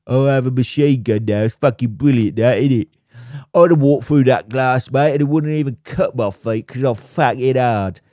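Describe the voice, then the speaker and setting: A man voicing a brash, macho lad who brags loudly, swears constantly and keeps calling people mate. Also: medium pitch, moderate pace, no room sound, lightly acted. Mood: boastful. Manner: loud, swaggering, sweary, says "mate" a lot. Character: brash macho British lad bragging about action films.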